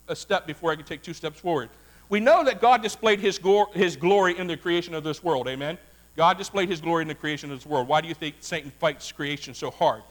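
Animated high-voiced Baptist preacher. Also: male voice. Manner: animated, calls to the congregation, folksy asides. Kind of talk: sermon.

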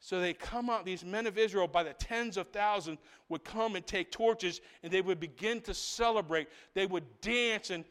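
A pastor with a high, clear male voice preaches a sermon in a large church hall, swinging between loud, rising proclamation and hushed, intimate asides. He keeps checking in with the congregation with a repeated "right?"

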